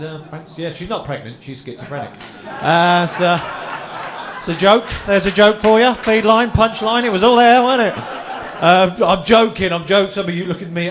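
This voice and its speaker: A young man doing a stand-up routine as a chat show guest, chatty and self-mocking, throwing tag questions at the crowd. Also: a little high. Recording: echoey live venue with faint noise.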